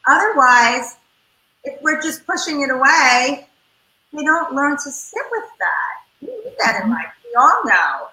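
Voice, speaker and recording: A woman family therapist giving advice in an interview, lively and demonstrative as she acts out what parents and children say. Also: high voice, unhurried, echoey room, rough recording.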